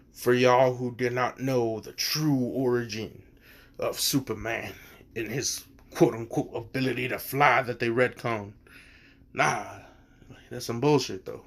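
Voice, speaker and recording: A man's voice: mid-range voice, creaky. A man casually retelling a fan story, rambling and swearing, with many fillers and asides.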